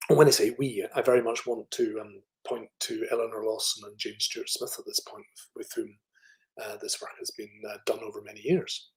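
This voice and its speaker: A middle-aged man with a middle-class Scottish accent, giving an academic lecture and pausing to demonstrate speech sounds. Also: lowish voice, fairly even intonation, vocal fry, poor audio. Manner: thoughtful, with fillers and restarts, demonstrating speech sounds. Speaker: phonetics professor giving a lecture.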